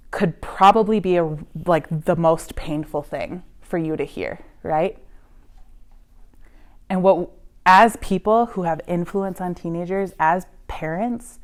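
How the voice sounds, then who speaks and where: Woman, student pastor, lowish voice, earnest coaching talk to parents, keeps asking "right?". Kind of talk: church class presentation to parents.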